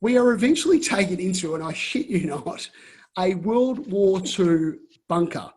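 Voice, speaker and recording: An Australian man, a podcast guest on a video call, telling a story in a lively way and often restarting his phrases. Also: high-pitched, unhurried, slightly rough. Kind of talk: casual storytelling.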